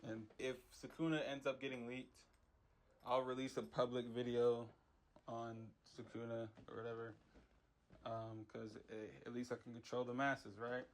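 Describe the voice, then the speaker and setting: Flat and medium-pitched at normal speed, a young MUGEN character maker vents in a casual vlog with slight background noise behind him. The rant is rambling and frustrated, heavy on slang and repetition.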